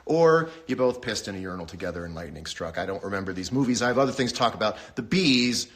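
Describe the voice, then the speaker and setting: A man hosting a casual livestream from his home, rambling through wry, deadpan jokes and talking to his viewers. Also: fast talker. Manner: rambling, wry, deadpan humor with sudden pitch jumps. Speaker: host. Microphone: phone livestream.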